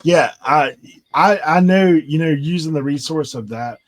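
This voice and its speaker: A man's voice: fairly high pitch, a little slow. A man co-hosting a reseller stream, chatting easily and laughing as he adds tips. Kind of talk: casual chat.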